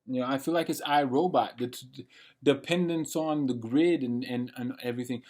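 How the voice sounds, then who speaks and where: A man's voice: mid-range voice, moderate pace, darkish tone. A man in his late twenties giving a blunt, profane and rambling monologue for his vlog. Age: late 20s. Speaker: vlogger. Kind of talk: unscripted rant monologue.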